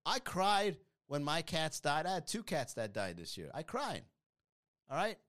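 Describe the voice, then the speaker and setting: Animated joking man hosting a live stream. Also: fairly high pitch, measured pace. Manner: animated, joking, mocking with playful put-on voices. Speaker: podcast host on a live stream. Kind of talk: casual live-stream chat reading comments.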